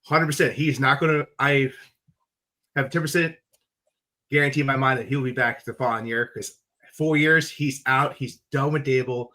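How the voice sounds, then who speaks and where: Bright-voiced man making blunt sports predictions. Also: mid-range voice, steady tone, normal speed. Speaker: podcast guest. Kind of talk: casual sports chat.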